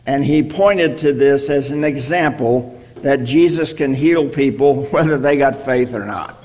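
Male Bible teacher, mid-pitched voice, slow and deliberate delivery, verse-by-verse explanation. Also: a little mellow. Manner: slow, deliberate, checks in with "okay?".

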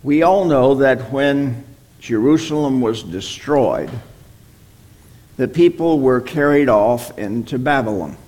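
Slow, deliberate male Bible teacher. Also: mid-range voice, lively intonation, a little mellow. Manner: slow, deliberate, checks in with "okay?".

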